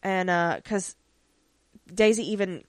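A woman's voice: on the low side, takes it slowly, dry recording. Chatty woman recapping a show. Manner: chatty, many ums and likes, acts out lines in quotes. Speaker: podcast co-host recapping a TV episode. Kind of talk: casual recap chat.

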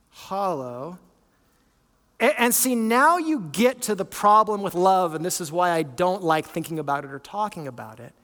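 High-voiced pastor preaching in a reverberant hall. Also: male voice, a bit bright. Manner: earnest, conversational preaching with repeated restarts. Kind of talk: sermon.

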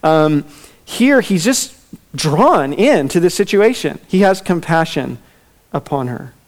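Man, pastor, sermon, conversational with fillers, slightly high pitch. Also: animated, takes it slowly. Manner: conversational preaching with fillers and asides.

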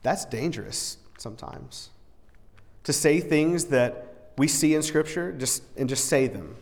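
A man delivers a sermon in a church sanctuary, his voice sitting a bit higher than most men's. He talks earnestly and conversationally, often stumbling back over a word before pressing on. A long reverb trails each phrase through the big room. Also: lively intonation, unhurried, creaky. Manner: earnest and conversational, often repeats words and restarts. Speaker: preacher. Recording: long reverb in a large hall.

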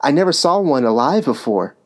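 A man's voice: mid-range voice, big pitch swings, fairly quick, close to an everyday voice. A man voicing a curious, polite young girl in a storybook reading.

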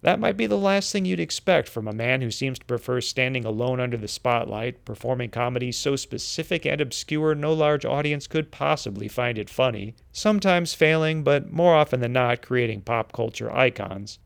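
Male co-host, gravelly, wry scripted delivery. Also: medium pitch. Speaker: podcast co-host. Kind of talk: reading a scripted segment with dry wit.

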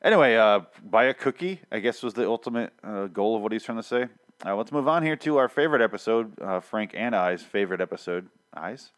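A man's voice: lowish voice, expressive, a little fast, clean tone. A man hosting a podcast, chatting casually in a rambling, self-deprecating way. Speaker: podcast host.

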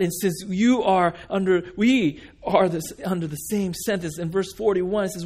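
A man preaching a sermon. He drops to hushed tones and acts out quoted pleas. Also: high voice, normal speed, few pauses. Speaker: pastor.

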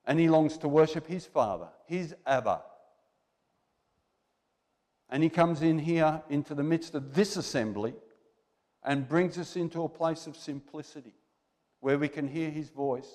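A male preacher gives a conversational, exhorting sermon full of rhetorical questions. His voice sits fairly high for a man, and a long reverb from the church hall trails his words. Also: darkish tone.

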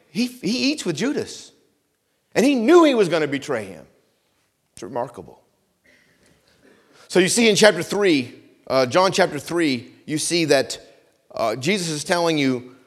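A man from the United States preaching a sermon. He swings from loud, rising preaching to hushed, earnest pleading, and reads scripture in a slow, measured cadence. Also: fairly high pitch. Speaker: pastor.

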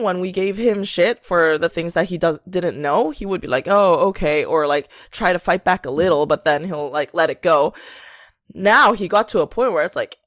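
A woman's voice: mid-range voice, dry recording, clean studio sound. A young woman co-hosting a podcast, telling a long story in casual chat, acting out what people said and laughing often. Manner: animated storyteller, acts out quotes, laughs often. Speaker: podcast co-host.

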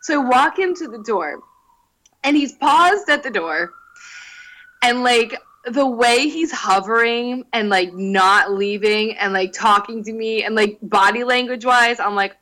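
A young woman in casual chat, telling an animated story, laughing and swearing freely. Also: a little high, a little slow, rough recording.

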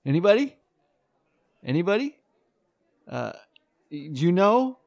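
Man, stand-up comic, rambling, hesitant, dry close sound, lively pitch. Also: takes it slowly, vocal fry, dry recording. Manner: hesitant, rambling, lots of fillers and nervous laughs. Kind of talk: awkward stand-up set.

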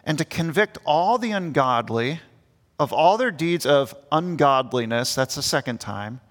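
A young pastor preaches an earnest sermon in church, voicing the grumbling people he quotes as if acting them out. His voice is a little high, bright and animated, though his pace is slightly slow. Long church reverb trails his words.

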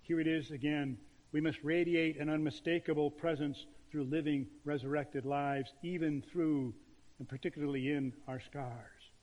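Brief: male pastor preaching, fairly high voice, long church reverb. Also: steady tone, lo-fi sound. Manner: emphatic preaching with dramatic pauses. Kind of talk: sermon.

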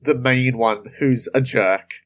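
A man's voice: medium pitch, takes it slowly. Man, podcast co-host, casual chat, skeptical, questioning.

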